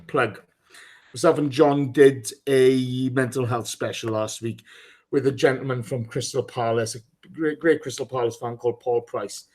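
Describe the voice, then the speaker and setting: A man hosting a live football podcast, teasing his co-hosts, swearing freely and reading out listener names. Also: mid-range voice. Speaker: podcast host. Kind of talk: casual live podcast chat.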